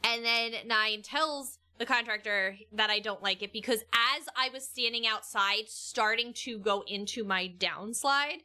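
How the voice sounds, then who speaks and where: A woman's voice: fairly high pitch, measured pace, hardly any pauses, sharp tone, clear, resonant tone. A young adult woman telling a story in casual chat, rambling with many restarts and laughs. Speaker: vlogger.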